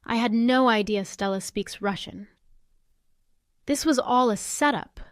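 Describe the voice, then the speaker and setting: A woman's voice: on the high side, a little slow, dry recording, clean studio sound, close to an everyday voice. A woman doing an indignant older mother-in-law. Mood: pleading.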